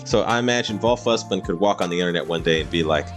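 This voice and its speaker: A man's voice: fairly low pitch, fairly quick, soft background music. A man streaming a game live, chatting casually in a rambling storytelling way and often laughing.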